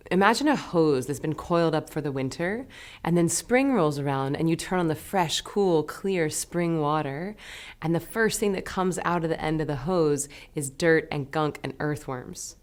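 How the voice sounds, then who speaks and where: A woman teaching a meditation lesson, talking in a gentle, soothing, unhurried way. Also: deep voice.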